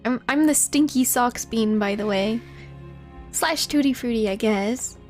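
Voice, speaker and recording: A woman's voice: a little high, a little slow, a little mellow, soft background music. A woman live-streaming a video game, giggling often and chatting to her viewers as she plays. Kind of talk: live gameplay commentary.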